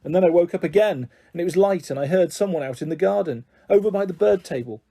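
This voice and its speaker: Husky, gentle man reading a kids' novel. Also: sits high, fast talker. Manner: gentle, expressive storytelling. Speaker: audiobook reader. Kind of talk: reading a children's novel aloud.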